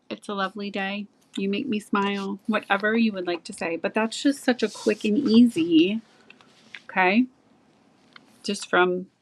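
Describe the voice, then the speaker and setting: Chatty woman demonstrating a craft, slow and easy. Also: mid-range voice, slight background noise, poor audio. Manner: chatty, enthusiastic, talks while working. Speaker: card-making demonstrator. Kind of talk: casual craft tutorial.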